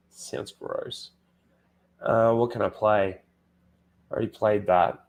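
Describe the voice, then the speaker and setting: A man's voice: fairly low pitch, fairly even intonation, slow. A man hosting a casual live-stream, talking loosely with many fillers, frank and sometimes profane. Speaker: host.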